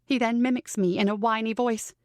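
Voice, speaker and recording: A woman's voice: a little high, fairly even intonation, brisk, no room sound, clean studio sound. A woman narrating a first-person psychological thriller audiobook in a tense, dramatic way.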